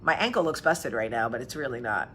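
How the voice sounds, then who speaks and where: A woman's voice: very deep voice, very animated, brisk, a bit bright, slight background noise. A woman hosting her own casual talk show, chatting loosely to viewers, wandering between tangents, swearing freely and answering viewer comments as she goes. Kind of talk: casual live chat to viewers.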